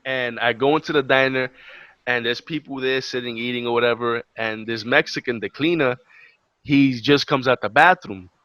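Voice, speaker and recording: A man's voice: mid-range voice, moderate pace, no room sound. Profane young New man telling a story. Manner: animated, profane, acts out quotes. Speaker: podcast co-host. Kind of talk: casual storytelling chat.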